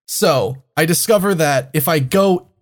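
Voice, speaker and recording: Podcast co-host, man, somewhat higher voice, animated storyteller, salty language. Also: a little slow. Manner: swears often, animated storytelling. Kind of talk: casual chat.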